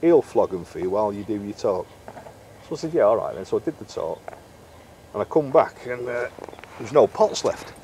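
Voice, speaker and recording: With a lowish, sing-song voice and a darkish tone, a middle-aged carp angler and bait maker chats through fishing anecdotes at a moderate pace, acting out quoted dialogue. He's a guest in a casual storytelling interview, and a little hiss or hum is audible.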